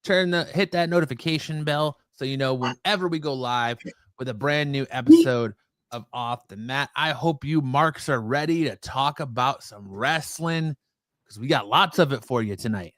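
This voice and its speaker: A man's voice: medium pitch, moderate pace, no echo. Casual male wrestling show host. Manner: relaxed, joking, explains in detail. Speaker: podcast host. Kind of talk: casual live-stream chat.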